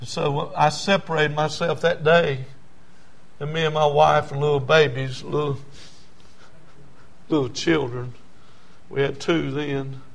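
A middle-aged man preaching a sermon and telling his own testimony, swinging from loud pleading to low hushed tones. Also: creaky. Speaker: pastor.

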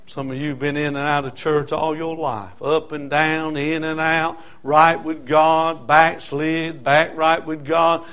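A man's voice: on the high side, flat delivery, a little slow, hardly any pauses, a bit bright, clear, resonant tone, lo-fi sound. An older man preaching a sermon, impassioned and folksy, building on rhythmic repetition.

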